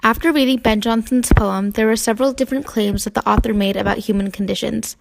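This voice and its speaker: A woman's voice: on the high side, steady tone, fast talker, gravelly, a little hiss or hum. A young woman reading a prepared class analysis of a poem. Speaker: student presenter.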